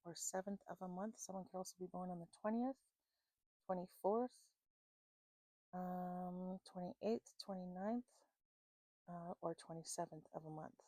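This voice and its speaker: A woman giving an intuitive psychic reading to viewers, listing names and places in an unhurried way, often pausing with "um" and checking in with "okay?". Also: on the low side, steady tone, warm tone, no echo, poor audio. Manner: unhurried, many fillers and "okay?" check-ins. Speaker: psychic reader.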